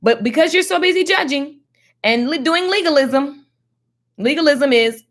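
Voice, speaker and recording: A woman giving casual Bible teaching in a slangy, animated, preachy way. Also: high-pitched, normal speed. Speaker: faith teacher.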